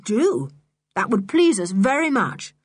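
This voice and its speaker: A cool-headed eldest boy from a children's storybook, calm and dryly mocking with lively pitch, voiced by a woman reader. Slightly breathy and recorded close and dry. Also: a little slow, no echo, heavily acted.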